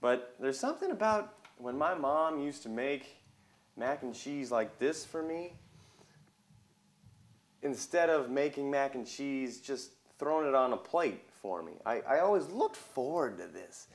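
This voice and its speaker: A man's voice: medium pitch, expressive, unhurried. A young man with a mid-range voice talks a viewer through a cooking demo. He is chatty and folksy, narrating each step as he works in a home kitchen. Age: young adult. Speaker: cooking show host. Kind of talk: casual cooking demonstration.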